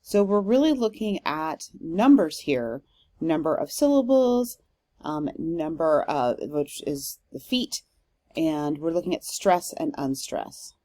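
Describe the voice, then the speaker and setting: A woman lecturer talks through a recorded lesson in a fairly low voice. Her delivery is measured and explanatory, with steady "um" fillers as she works through each point. The sound is close and dry, with no room around it. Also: no room sound. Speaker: literature professor.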